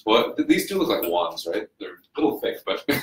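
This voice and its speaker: Male English teacher, casual chat, animated intonation, distant mic in an echoey room. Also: lowish voice, fairly quick, slight background noise. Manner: chatty, laughs often, checks in with "right?". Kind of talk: casual livestream lesson. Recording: roomy echo, off-mic.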